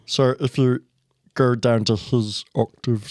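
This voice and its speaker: A man's voice: mid-range voice, steady tone, a little slow, a little mellow, no echo, studio quality. A Welsh man, a comedian guest on a podcast, joking and coaching impressions. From Wales. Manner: joking, laughs a lot, coaches voices. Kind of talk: casual chat.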